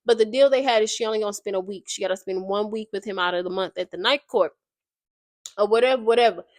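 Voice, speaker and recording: A woman's voice: mid-range voice, quick pace, no echo. Slangy woman recapping a book. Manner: slangy, animated retelling. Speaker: video creator.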